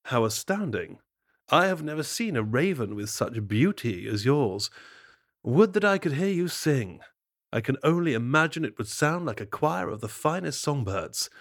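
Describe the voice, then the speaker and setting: A man voicing a sly, dapper male fox who flatters with theatrical, mock-genuine praise. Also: mid-range voice.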